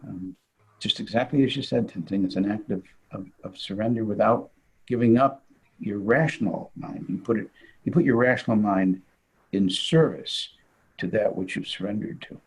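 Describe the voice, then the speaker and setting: An older man, a physician, telling an animated anecdote in conversation and laughing as he goes. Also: on the low side, normal speed, slightly rough, rough recording. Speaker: guest physician. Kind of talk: storytelling in conversation.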